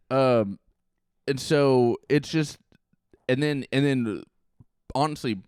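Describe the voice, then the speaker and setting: A man co-hosting a podcast, recapping a film in casual chat with sarcastic, animated jabs and frequent swearing. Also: medium pitch, slow, clear, resonant tone, no echo, studio quality. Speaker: podcast co-host.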